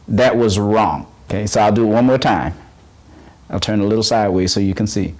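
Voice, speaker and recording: A man teaching a beginner's voice lesson, patiently guiding breathing and warm-up exercises and encouraging often, with frequent halting restarts. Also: on the low side, fairly even intonation. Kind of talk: on-camera voice lesson.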